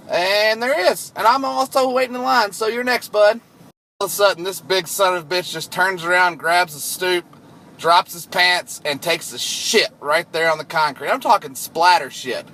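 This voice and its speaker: A man telling a profane story in an animated way while driving at night. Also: high voice, moderate pace, rough recording. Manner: animated, profane, laughing disbelief. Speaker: storyteller vlogger. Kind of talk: casual storytelling vlog. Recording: faint road noise in a vehicle.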